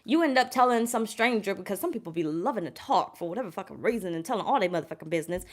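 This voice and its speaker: A woman giving a casual live tarot reading in a voice of ordinary pitch, neither high nor low. She rambles and curses freely, circles back to repeat her points, and breaks off to say hello to viewers in the chat. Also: lively intonation, rapid-fire. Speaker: tarot reader.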